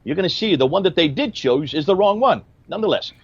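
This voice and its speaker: A man's voice: sits high, animated, fast, gravelly, slightly rough, no echo, highs cut off. A man explaining at length in a discussion, emphatic and fond of rhetorical questions. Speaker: Christian apologist explaining history. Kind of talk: lecturing discussion.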